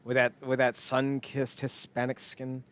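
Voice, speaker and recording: A man's voice: mid-range voice, completely flat delivery, a little slow, fairly bright tone, smooth. A man co-hosting a podcast, chatting in a rambling, jokey way and laughing often. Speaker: podcast co-host. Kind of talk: casual chat.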